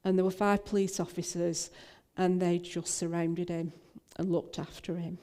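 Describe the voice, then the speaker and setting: A woman's voice: lowish voice, level tone, normal speed, warm tone. An older woman minister, telling a personal story in a talk, with frequent fillers and restarts.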